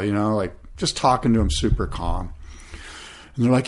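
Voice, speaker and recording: A man co-hosting a surf podcast, telling rambling stories in a relaxed, casual way. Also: on the low side, fast talker. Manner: relaxed, rambling storytelling with surfer slang. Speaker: podcast co-host. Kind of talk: casual chat.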